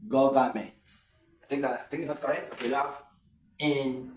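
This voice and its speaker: A man's voice: mid-range voice, fairly even intonation, fast, a little mellow, distant mic, a little hiss or hum. A man teaching an exam-prep lesson, explaining step by step and counting syllables aloud with fillers and restarts. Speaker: English tutor. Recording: echoey room, voice a little off-mic.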